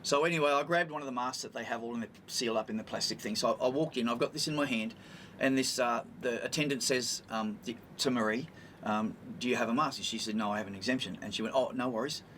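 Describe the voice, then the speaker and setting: A man's voice: mid-range voice, fast talker, a bit bright, slight background noise. An older man with an Australian accent, co-hosting a casual chat and telling a rambling, exasperated story. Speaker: podcast co-host.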